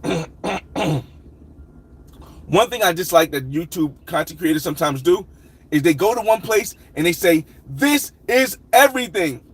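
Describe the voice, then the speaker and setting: A man hosting a casual livestream, reading viewer comments and rambling through his thoughts with loud shout-outs. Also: high-pitched, breathy edge, low-quality recording. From United States. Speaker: livestream host.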